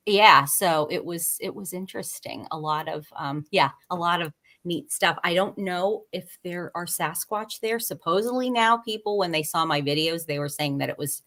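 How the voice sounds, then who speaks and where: A woman guest on a podcast, speaking in a fairly low voice. She gropes for words with frequent fillers, repeats herself and restarts sentences. The overall feel is an easygoing, unscripted chat. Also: a bit bright. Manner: halting, with many fillers and restarts. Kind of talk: casual conversation.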